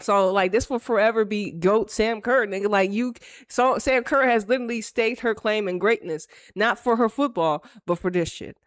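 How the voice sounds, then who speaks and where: A woman giving casual, profane football reaction commentary in rapid, animated banter. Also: medium pitch, no room sound, clean studio sound.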